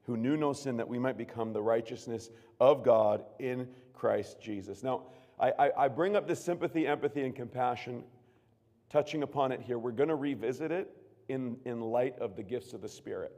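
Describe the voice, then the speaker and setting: Male pastor, sermon, earnest, hushed then loud emphasis, mid-pitched voice, long hall reverb. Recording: long reverb of a large room.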